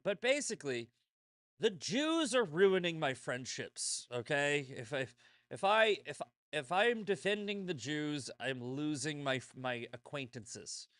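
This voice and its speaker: A man's voice: fairly high pitch, animated, measured pace, a bit bright, dry recording. A man hosting his own show, talking in a blunt, rambling, profane monologue full of restarts. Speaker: show host. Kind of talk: casual monologue.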